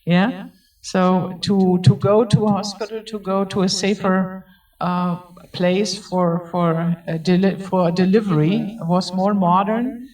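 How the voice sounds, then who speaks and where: A man's voice: sits high, steady tone, a little slow, a little mellow. A man with a German accent, a local historian, politely and hesitantly discussing birth records with the guests. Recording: distant mic.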